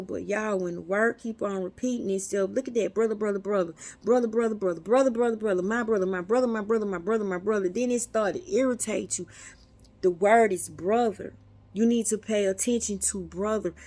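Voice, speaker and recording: A woman's voice: mid-range voice, darkish tone. Earnest woman telling a spiritual story. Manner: earnest, repeats words for emphasis, talks straight to her viewers. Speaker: metaphysics vlogger. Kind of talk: casual spiritual storytelling to viewers.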